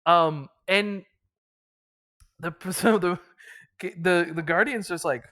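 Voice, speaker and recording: A man's voice: on the high side, expressive, slow, long pauses, a bit bright. A man casually recapping a tabletop campaign as its game master, rambling with lots of fillers and chuckles.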